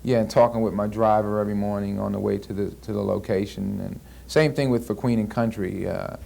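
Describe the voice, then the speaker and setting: Actor guy in his 30s, low gravelly voice, lots of uh and you know, old interview tape with light hiss. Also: fairly quick. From United States. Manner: relaxed, hesitant, with many fillers and restarts. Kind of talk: casual interview answers.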